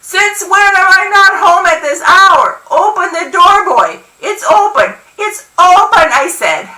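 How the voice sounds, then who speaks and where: A woman voicing a gruff, blunt older woman who hollers, in a storybook reading. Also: very high-pitched, lively intonation, a little slow, pushed and bright, voice pushed up, exaggerated voice. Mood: hollering. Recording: roomy, from far off.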